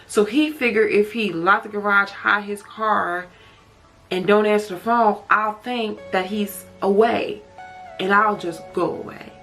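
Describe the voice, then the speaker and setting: A woman's voice: mid-range voice, steady tone, a little slow, a bit bright, faint music behind. A woman telling a personal story in a storytime vlog, emotional and candid, swearing and saying "like" often. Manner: emotional, candid, heavy use of "like" and profanity. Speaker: vlogger.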